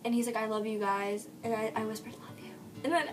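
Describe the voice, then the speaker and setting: A young woman vlogger excitedly retelling a story, talking fast with lots of "like" and acting out what everyone said. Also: on the high side, recorded from a distance, over music. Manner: rapid and breathless, full of "like", retelling dialogue.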